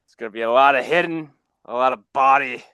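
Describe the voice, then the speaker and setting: A man attempting an Irish accent as a slow, deadpan sports fan. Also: mid-range voice, smooth, no room sound, clean studio sound, lightly acted. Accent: put-on Irish.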